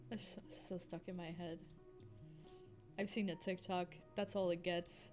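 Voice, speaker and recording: Goofy, unhurried woman streamer. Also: animated, darkish tone, soft background music. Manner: goofy and playful, giggly, with sudden squeaky cries and mock whispers. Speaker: livestreamer. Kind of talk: casual live-stream chatter while gaming.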